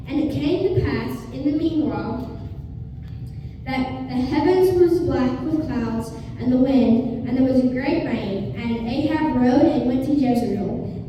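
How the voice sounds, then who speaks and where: A woman's voice: high voice, noisy background. A woman preacher delivering an earnest sermon, retelling a scripture story dramatically and acting out its voices. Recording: echoey hall from far off.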